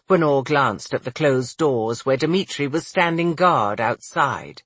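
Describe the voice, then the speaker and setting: An audiobook narrator reading a fantasy novel in a measured, expressive way. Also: mid-range voice, husky, no room sound. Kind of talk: scripted narration.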